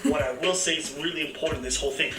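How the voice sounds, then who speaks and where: A man in a casual discussion, talking in an animated, argumentative way. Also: a little high, quick pace, recorded from a distance, slight background noise. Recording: echoey room, off-mic, faint music.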